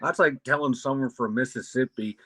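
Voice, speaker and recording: A man co-hosting a casual sports chat, speaking haltingly with restarts. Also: mid-range voice, a bit bright, slightly rough, no room sound. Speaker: podcast co-host.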